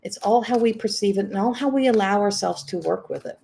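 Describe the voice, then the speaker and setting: A middle-aged woman hosts a live-stream energy reading, talking in a reflective way and circling back over her own phrases. Her voice has a gravelly edge at a middle pitch. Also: fairly quick, dark tone. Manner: reflective, repeats phrases, reads viewer comments. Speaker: psychic reading host.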